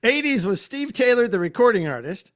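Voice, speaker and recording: A man's voice: extremely high pitch, sing-song, fairly quick. A man hosting a podcast interview over a video call, talking in an effusive, enthusiastic way and laughing easily. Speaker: podcast host. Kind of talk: casual interview chat.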